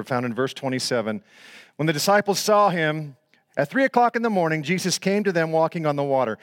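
A man in his sixties preaching a sermon, swinging from loud, excited storytelling to hushed, almost whispered moments, with casual slangy asides. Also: on the high side. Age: 60s. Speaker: pastor.

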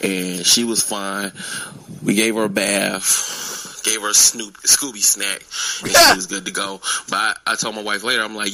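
A man's voice: lowish voice, unhurried, vocal fry, sharp tone, rough recording. A young man calling in to tell a long story in a casual, rambling way, laughing at himself now and then. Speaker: caller leaving a voicemail.

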